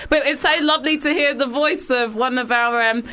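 A woman's voice: sits high, steady tone, fairly quick, bright, forceful tone, a little hiss or hum. A woman hosting a radio show, chatting and laughing often with her co-host and a caller. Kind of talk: radio chat.

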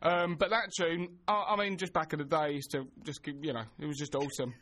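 A man's voice: a little high, little pitch movement, fairly quick, fairly bright tone. A young man, co-hosting a casual chat show, reading listener emails and joking. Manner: jokey, laughs often, reads listener emails. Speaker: podcast co-host.

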